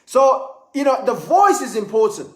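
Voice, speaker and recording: A man giving a live online sales lesson in an animated way, repeating words as he talks. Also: high voice, normal speed. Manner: animated, acts out little voices, repeats words. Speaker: sales trainer. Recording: echoey room.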